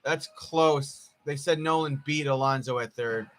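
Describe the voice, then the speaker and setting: Bright-voiced man calling baseball casually. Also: measured pace. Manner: reads stats and chats with viewers between pitches. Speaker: livestream baseball commentator. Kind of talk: casual play-by-play commentary.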